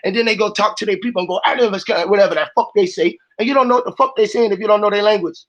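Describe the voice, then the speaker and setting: Hosting a casual panel stream, a man rambles bluntly and profanely, sometimes slipping into a put-on, made-up accent. His voice is high and racing, and the audio sounds dull.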